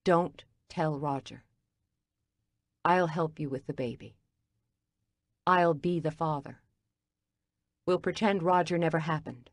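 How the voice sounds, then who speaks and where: A woman reading the lines of an earnest man who was once the heroine's lover, in a soft, hushed, low-key way. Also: slow pace, long pauses, dry recording, clean studio sound.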